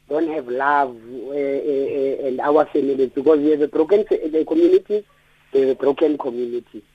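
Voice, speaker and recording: A man's voice: fairly high pitch, slightly rough, no room sound. A South African man calling in to a radio show, speaking earnestly with stammered restarts. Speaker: caller. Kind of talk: radio call-in. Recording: dull lo-fi phone line.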